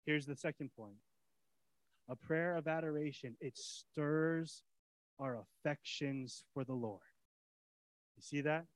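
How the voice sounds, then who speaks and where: A man preaching a sermon as pastor in a casual way, swinging from soft, quiet lines to excited shouting. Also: a little high, takes it slowly, pauses often, dry recording, poor audio. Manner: casual preacher's talk with fillers and repeats.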